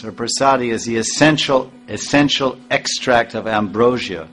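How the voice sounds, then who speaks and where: A man teaching a devotional scripture class, halting and repeating words, chuckling often and reciting verses with rising emphasis. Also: medium pitch, a bit bright, low-quality recording. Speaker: spiritual teacher.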